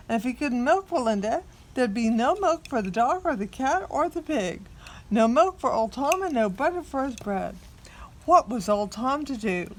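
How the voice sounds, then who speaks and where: A woman reading a picture book aloud to a small child, expressive and coaxing the child to join in. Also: sits high, slight background noise.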